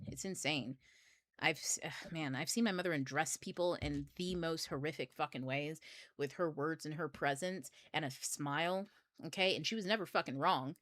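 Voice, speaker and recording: A woman's voice: low-pitched, fairly bright tone, no room sound. A middle-aged woman hosting a book club talk, speaking bluntly and casually, swearing freely and laughing often.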